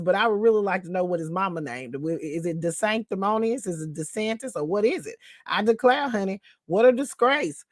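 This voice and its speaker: A woman's voice: mid-range voice, no echo, studio quality. A woman hosting a sassy news commentary show, who calls her listeners baby and honey, repeats a catchphrase and laughs between remarks.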